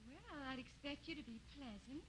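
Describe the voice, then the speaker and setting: A woman's voice: high voice, lively intonation, moderate pace. A young woman appearing as a guest actress on a 1950s TV comedy show, speaking sweetly and playfully. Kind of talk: scripted 1950s TV comedy banter. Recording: slightly noisy 1950s TV broadcast recording.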